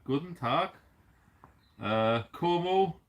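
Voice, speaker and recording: A man's voice: fairly high pitch, lively intonation, slow. A man from the UK hosting a casual livestream, chatty and jokey, laughing often and using casual slang. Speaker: livestream host.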